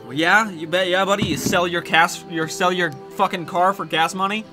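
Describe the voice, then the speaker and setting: A man's voice: high voice, steady tone, moderate pace, sharp tone. Cursing, exasperated male game streamer. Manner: profane, exasperated ranting. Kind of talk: casual gameplay commentary. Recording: game music behind the voice.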